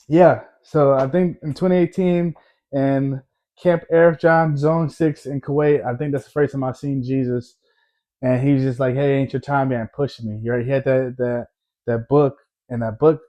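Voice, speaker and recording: A man's voice: mid-range voice, dark tone, dull audio. A man in his thirties casually telling a personal story to camera, rambling and conversational, often tagging lines with "right?". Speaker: storyteller, army veteran.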